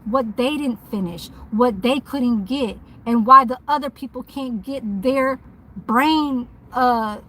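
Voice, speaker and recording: A woman's voice: on the high side, takes it slowly, a bit bright, rough recording. A woman who works as a mobile nail tech, ranting bluntly and profanely in a casual vlog from her parked car.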